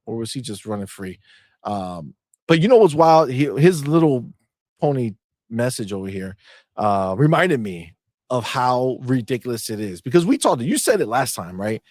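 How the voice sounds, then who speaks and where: Male co-host for a gaming chat show, animated and slangy, dry close sound. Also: medium pitch, moderate pace, no echo. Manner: animated, slangy, mocking, reads chat aloud. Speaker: podcast co-host.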